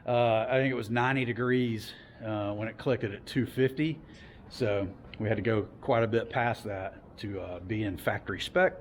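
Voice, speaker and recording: A man's voice: lowish voice, normal speed, a little hiss or hum. A man in a casual workshop how-to video, talking loosely with plenty of fillers while he wrenches on an engine in a garage. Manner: loose and chatty, lots of fillers. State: out of breath from heavy wrenching. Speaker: car hobbyist showing an engine install.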